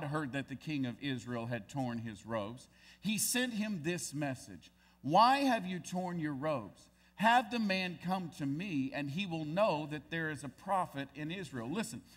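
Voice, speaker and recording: A man's voice: fairly high pitch, fairly bright tone. A male pastor preaching a sermon, reading scripture aloud and then pressing his points with growing emphasis. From United States.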